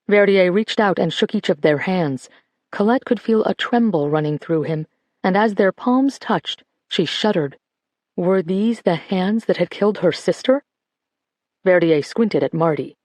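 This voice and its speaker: An audiobook narrator reading a novel in a steady, even manner. The voice sits in a middle pitch with a gravelly texture. It is recorded close and dry, with no room sound. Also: normal speed, no echo. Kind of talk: scripted narration.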